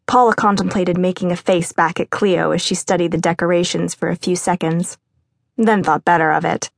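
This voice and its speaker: A woman narrating a novel in a measured, even storytelling manner. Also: on the low side, vocal fry, no echo, studio quality. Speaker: audiobook narrator. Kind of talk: scripted narration.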